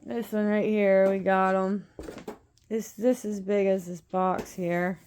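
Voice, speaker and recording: A woman's voice: medium pitch, level tone, slow pace, noisy background. A woman at home chatting casually while filming her cats, laughing often and cooing at her pets. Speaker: pet vlogger. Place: at home, indoors.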